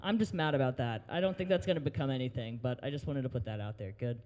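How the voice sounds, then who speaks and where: A man's voice: medium pitch, quick pace, darkish tone, long reverb tail, lo-fi sound, slight background noise. A young man hosting an open mic, doing a crude stand-up set and working the crowd in a brewery. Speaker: open mic host and comedian. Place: brewery taproom, live audience.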